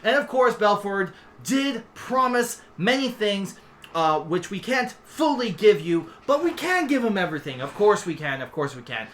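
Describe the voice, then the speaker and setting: A shrill, bright two-headed dragon king, as a man puts him on in a tabletop game. He tumbles through "yes, yes, yes" with oily, greedy delight, and his two heads squabble and correct each other. The voice rides high and loud, never quite sitting still. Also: big pitch swings, moderate pace, a little hiss or hum. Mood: scheming. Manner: babbles "yes, yes" over and over, heads bicker.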